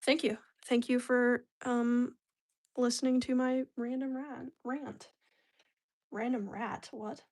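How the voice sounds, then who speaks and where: A woman talks through her crafting in a loose, rambling vlog, her voice sitting a little on the high side. She chats freely and leans on slang as she goes. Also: level tone, slow pace, darkish tone. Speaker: craft vlogger. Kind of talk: casual chat while crafting.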